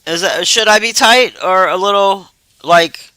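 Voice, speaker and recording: A man with a high, piercing voice rambles to his live-stream audience, profane and animated. He puffs himself up into mock outrage and then laughs at himself. The sound is close and dry, with no room around it. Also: a little slow, clear, resonant tone, no echo. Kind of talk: casual live-stream chat.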